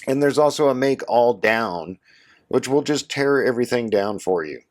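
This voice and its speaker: A man with a hoarse voice from a cold, casually walking viewers through a software setup as a tutorial host. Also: medium pitch, lively intonation, normal speed. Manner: casual, instructive, addresses viewers as guys. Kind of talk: screen-share tutorial walkthrough.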